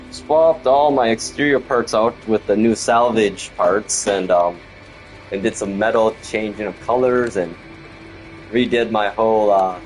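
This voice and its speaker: A man with a lowish voice talks through his gameplay in a loose, rambling stream-chat manner. He grumbles about little design quirks and chats to viewers as he goes. Soft game music runs quietly underneath. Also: low-quality recording. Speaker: gaming streamer. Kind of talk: casual gameplay commentary.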